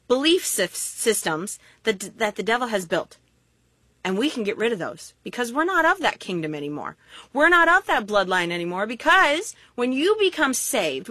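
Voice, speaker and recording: Lively woman preacher, high bright voice, jokes around a lot, dry close sound. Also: dry recording. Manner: animated, playful, vivid exaggeration. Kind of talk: sermon with humorous storytelling.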